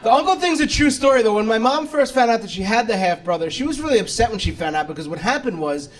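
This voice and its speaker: High-voiced brash stand-up comic. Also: male voice, expressive, fast. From New York. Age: 30s. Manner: brash, self-deprecating punchline delivery. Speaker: stand-up comedian. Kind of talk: stand-up comedy set. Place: comedy club stage. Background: audience laughter.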